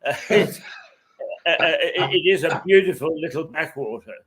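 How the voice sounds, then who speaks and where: An older man reminiscing as an interview guest, halting often and chuckling between his memories. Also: fairly high pitch, animated, a bit bright, breathy edge. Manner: halting, with frequent hesitations and chuckles. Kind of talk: reminiscing anecdote in conversation.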